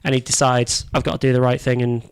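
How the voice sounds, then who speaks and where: A man's voice: medium pitch, level tone, quick pace, clear, resonant tone, no echo. A man co-hosting a casual podcast debate, blunt and swearing freely as he argues his point. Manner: blunt, swears, laughs easily. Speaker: podcast co-host.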